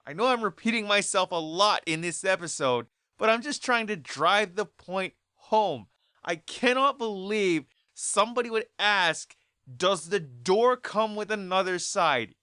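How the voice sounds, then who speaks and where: A vlogger telling a story as an exasperated rant, repeating points and bursting into loud outbursts. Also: medium pitch, smooth, no room sound, studio quality.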